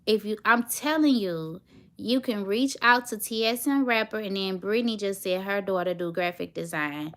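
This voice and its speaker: A woman's voice: mid-range voice, normal speed, a bit bright. A woman in her thirties, a tired mother and vlogger, rambling casually to her viewers. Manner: rambling, chatty, talks straight to her viewers.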